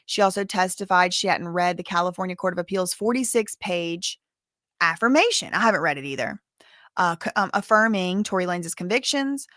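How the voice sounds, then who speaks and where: A woman's voice: mid-range voice, fairly bright tone, no room sound, studio quality. A woman hosting a casual livestream of legal commentary, chatty and blunt, with frequent digressions. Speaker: commentary channel host.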